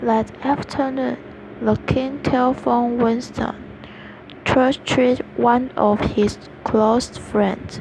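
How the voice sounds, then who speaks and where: Brief: woman reading a story aloud; slow and careful, over a noisy recording with vehicle sounds. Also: a little high, flat delivery, gravelly. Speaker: reader.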